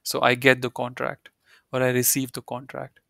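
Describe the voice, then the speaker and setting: A man's voice: mid-range voice, completely flat delivery, normal speed, creaky, pushed and bright, no echo, studio quality. A man teaching a German lesson, explaining step by step and often repeating key points with "you know" and "right". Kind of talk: live online language lesson.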